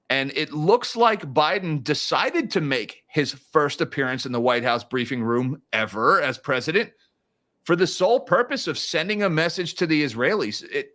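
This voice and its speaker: A man's voice: a little high, sharp tone. A man hosting a casual livestream of market commentary, chatty and given to sarcastic asides. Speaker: financial commentary host.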